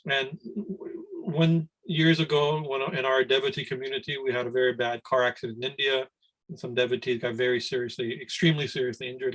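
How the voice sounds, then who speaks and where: A middle-aged man gives a spiritual discourse over a video call. His voice sits at an ordinary middle pitch. He talks loosely, restarting sentences and often checking in with "right?". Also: fairly bright tone, low-quality recording. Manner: rambling, conversational, frequent "right?" and restarts. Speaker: swami teaching scripture class.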